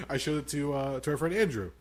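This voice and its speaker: A man in his thirties co-hosting a casual podcast, excitable and profane, laughing often. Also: a little high, a little fast. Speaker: podcast co-host. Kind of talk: casual chat.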